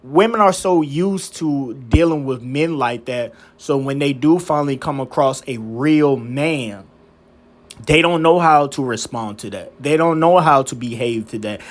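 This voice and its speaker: A man giving a casual opinion monologue as a vlogger, preachy and repetitive with deliberate emphasis. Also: a little high, lively intonation.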